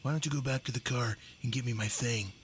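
An actor playing a folksy, bawdy middle-aged camper in a horror game. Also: male voice, mid-range voice, steady tone, quick pace, slightly rough. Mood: joking. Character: middle-aged camper man, crude joker.

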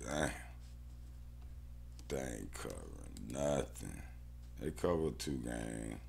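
A man's voice: very deep voice, very animated, slow pace, vocal fry, darkish tone, slight background noise. A man thinking aloud about his football bets in casual slang, often muttering to himself. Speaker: sports bettor.

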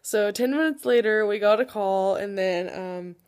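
A teenage girl vlogging about a new book, gushing and swinging between hushed whispers and excited squeals. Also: mid-range voice, normal speed. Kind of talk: excited casual vlog. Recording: faint background noise.

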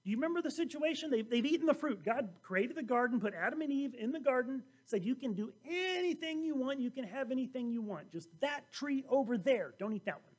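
High-voiced pastor preaching with animated storytelling. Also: male voice, a little fast, hardly any pauses. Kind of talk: sermon.

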